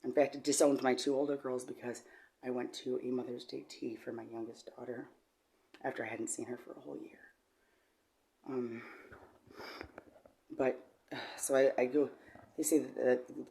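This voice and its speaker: A middle-aged woman telling an emotional personal story, rambling and halting with many repeated words, swinging from quiet to loud. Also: flat delivery. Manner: shifts from low and quiet to loud and high when agitated. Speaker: vlogger.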